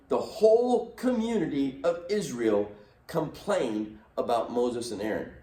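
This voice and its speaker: A man teaching a youth lesson in a lively, animated way, acting out the voices he quotes. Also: mid-range voice, roomy sound, far from the mic. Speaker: youth pastor.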